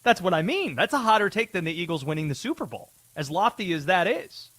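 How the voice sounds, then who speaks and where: Animated male sports radio host. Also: high voice, quick pace. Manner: lively, takes calls and needles a caller's hot take. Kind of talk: call-in sports talk.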